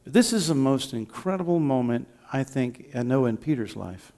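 A man preaching a sermon as pastor, impassioned, moving between hushed and loud delivery. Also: medium pitch, animated, normal speed.

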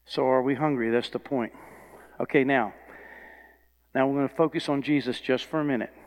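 Fervent preacher, rising and falling. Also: male voice, medium pitch, fairly even intonation, normal speed, big-room sound. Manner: builds from quiet scripture reading to loud fervent preaching. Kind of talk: sermon.

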